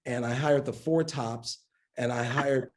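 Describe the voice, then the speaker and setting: A man's voice: medium pitch, unhurried. A man as a guest in a live conversation, telling stories animatedly and acting out other people's lines. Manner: acts out quoted voices, lively and emphatic. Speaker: guest, media executive. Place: event hall on stage.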